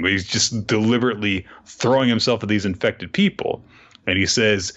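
A man co-hosting a podcast, recapping comics in animated storytelling with frequent laughs. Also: on the low side, a little fast, muffled recording. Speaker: podcast co-host. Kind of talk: casual chat recapping a comic.

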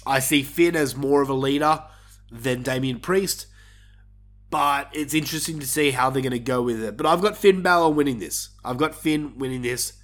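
A man's voice: mid-range voice, moderate pace, fairly bright tone. A man hosting his own wrestling show, giving casual predictions in an opinionated, worked-up rant while sick with a cough. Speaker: wrestling podcast host.

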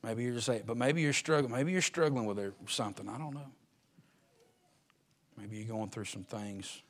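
A man preaching a sermon to his church. He swings from shouted, drawn-out lines to quiet, fast, joking asides. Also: mid-range voice. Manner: folksy, joking. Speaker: pastor. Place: church sanctuary.

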